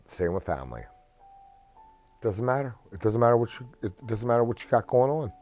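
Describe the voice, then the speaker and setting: A man with a fairly low voice talks through a heartfelt, rambling rant, circling back and restarting his phrases as he goes. The sound is dry and close, and faint music plays underneath. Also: expressive, brisk, darkish tone, dry recording. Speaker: vlogger. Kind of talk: casual advice rant.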